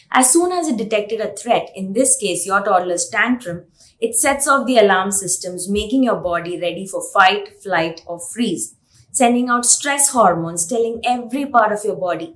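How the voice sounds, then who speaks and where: A woman's voice: medium pitch, lively intonation, moderate pace. Female course instructor, mid-range voice, scripted lesson read directly to the parent at home. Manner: addresses the listener directly, acting out quotes.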